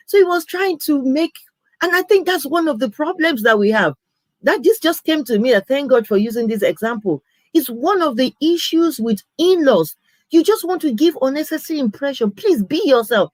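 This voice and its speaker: Woman, middle-aged, pastor, live sermon storytelling, earnest, restarts often, slightly high voice, dry close mic. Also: expressive, normal speed, dry recording, low-quality recording.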